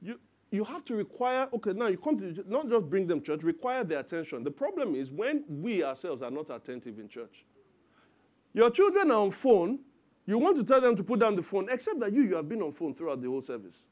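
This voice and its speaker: A man in his thirties preaching a sermon as pastor, lively and acting out parents and children in quoted voices. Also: sits high, brisk.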